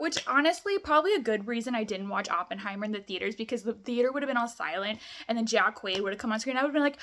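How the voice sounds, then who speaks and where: A woman's voice: a little high, quick pace, few pauses, a bit bright. A young woman vlogging a film review, gushing in casual chat, full of "like" and "amazing".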